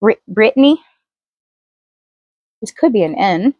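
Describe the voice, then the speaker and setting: A woman's voice: medium pitch, animated, slow, no room sound, muffled recording. A woman tarot reader talking casually straight to her viewers, chatty and loose, full of fillers as she reads the cards. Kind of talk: casual tarot reading to camera.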